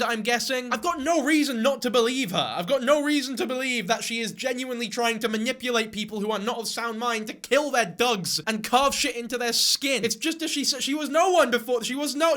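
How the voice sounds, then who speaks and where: A high-pitched man reacting to online drama with sarcastic, exasperated commentary. His bright, forward tone cuts through as he swears and rants. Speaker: commentary YouTuber.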